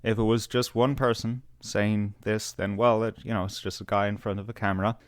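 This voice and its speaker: A man's voice: on the low side, level tone, a little fast, no room sound, studio quality. A man giving sarcastic, conversational commentary on a video. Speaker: video reviewer.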